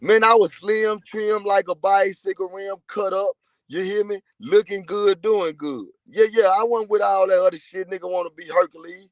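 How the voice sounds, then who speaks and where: A man's voice: sits high, fairly even intonation, normal speed, no room sound. A man from Texas, telling prison stories in a profane, boastful, rambling way. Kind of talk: casual livestream chat.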